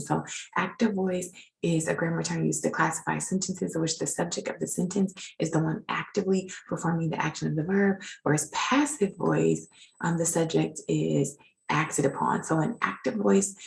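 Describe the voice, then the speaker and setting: A woman's voice: sits low, moderate pace, creaky, poor audio. A woman teaching legal writing in an informal recorded lecture, chatty and self-deprecating as she edits her slides.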